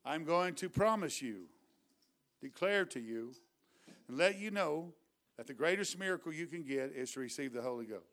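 A man preaching a revival sermon, shifting from quiet storytelling to loud exhortation. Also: fairly high pitch, lively intonation, normal speed.

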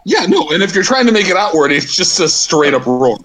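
A man's voice: high-pitched, very animated, fairly quick, a loud crowd, rough recording. A man who is a podcast guest, chatting enthusiastically and swearing casually. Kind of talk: casual chat.

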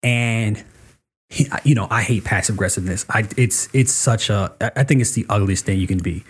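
Man, husky voice, animated storyteller, cursing freely, casual podcast chat. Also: fairly low pitch, a little fast. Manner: animated storyteller, acts out quotes, curses freely. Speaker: podcast guest, comic creator.

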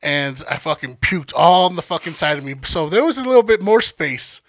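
A man's voice: on the high side, brisk, no echo, studio quality. A young man casually telling a profane party story, acting out what everyone said and laughing often. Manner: animated, acts out quotes, laughs often. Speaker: podcast guest storyteller.

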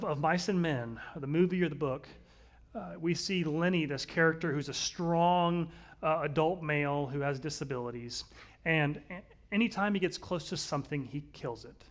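A man, likely in his thirties, preaching a conversational sermon, earnest, swinging between louder and softer passages. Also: a little high. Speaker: pastor.

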